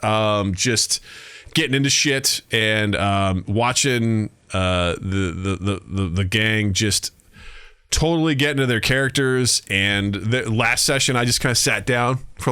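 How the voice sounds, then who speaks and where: A man's voice: mid-range voice, normal speed, sharp tone, smooth. A man co-hosting a podcast in casual chat, rambling with frequent fillers and laughter. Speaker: podcast co-host.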